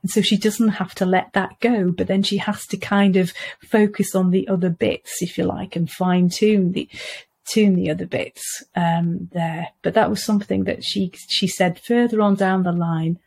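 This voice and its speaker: Guest read: woman from Wales, chatty storyteller, mid-range pitch, many restarts. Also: steady tone, moderate pace, gravelly, darkish tone, slightly rough. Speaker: podcast guest, author. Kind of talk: casual conversation.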